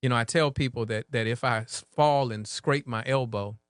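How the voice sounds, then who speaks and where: A man serving as mayor, talking relaxed in an interview and often checking in with "right?". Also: medium pitch, normal speed, smooth, dry recording, clean studio sound. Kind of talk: conversational interview.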